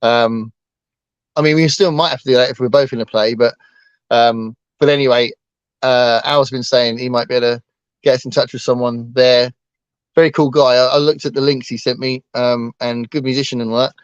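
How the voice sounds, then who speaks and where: A man's voice: medium pitch, fairly even intonation, fairly quick, clear, resonant tone, no room sound, highs cut off. A man co-hosting a casual book chat, rambling with lots of fillers and restarts. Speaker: booktuber co-host.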